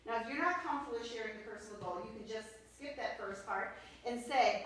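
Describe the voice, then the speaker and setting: Fairly quick and fairly bright, with a voice on the high side, a woman gives an upbeat sales training talk with role-play to an audience in a meeting room. She coaches as she goes, frequently asking "okay?", and the far-off mic picks up an echoey room.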